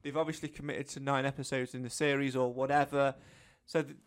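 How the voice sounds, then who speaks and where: A man with a mid-pitched voice co-hosts a podcast, talking casually and thinking aloud. He rambles, jokes and restarts his sentences. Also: flat delivery, brisk. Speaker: podcast co-host. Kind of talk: casual chat.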